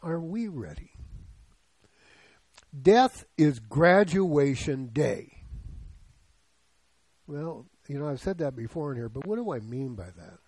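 A man's voice: on the high side, animated, a little slow, darkish tone, no room sound, rough recording. A man in his seventies preaching a sermon in a conversational way, often putting questions to the congregation. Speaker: pastor.

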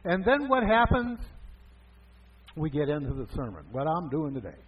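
Husky pastor, chatty, far-off tinny sound. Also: male voice, a little high, very animated, normal speed. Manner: chatty, asks and answers his own questions. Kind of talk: conversational sermon.

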